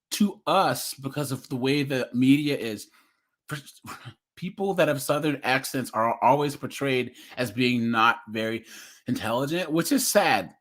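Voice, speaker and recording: A man's voice: medium pitch, fairly bright tone. A young man from the West Coast, chatting casually on a livestream, laughing and reading chat comments aloud. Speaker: streamer reacting to videos and chat.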